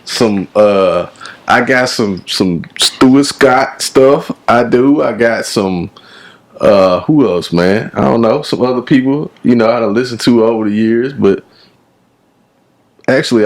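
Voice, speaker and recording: A man's voice: on the low side, measured pace. A man co-hosting a podcast in casual chat, rambling with lots of fillers and joking defensively. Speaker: podcast co-host.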